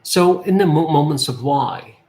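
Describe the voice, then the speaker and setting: A man's voice: on the high side, a little slow, darkish tone. A man in his forties, a medium and life guide, giving an earnest spiritual talk to viewers and repeating phrases for emphasis.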